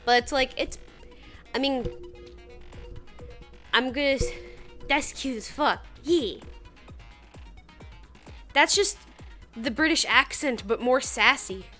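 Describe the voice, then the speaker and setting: Slow-talking woman with a Saskatchewan accent. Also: sits high, pushed and bright, soft background music. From Saskatchewan, Canada. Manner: giggly and chatty, swears casually, reads chat aloud. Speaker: streamer. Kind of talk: casual gaming stream chat.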